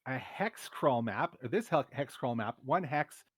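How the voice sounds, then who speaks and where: A man running a tabletop game as game master, explaining rules and scenes in a relaxed way with hesitant fillers. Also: mid-range voice, measured pace, breathy edge, no echo, clean studio sound.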